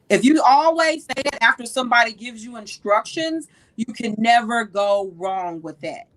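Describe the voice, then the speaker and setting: A woman in her thirties hosting a casual advice talk, animated and repeating key phrases for emphasis. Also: fairly high pitch, normal speed, hardly any pauses, poor audio. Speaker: host.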